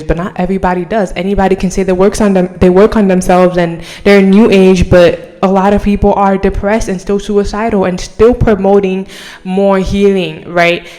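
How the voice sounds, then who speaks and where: A woman's voice: medium pitch, darkish tone. A young woman talking casually and earnestly to her viewers, rambling with many fillers as she shares a personal testimony, at times emotional. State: emotional, near tears at times. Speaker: vlogger.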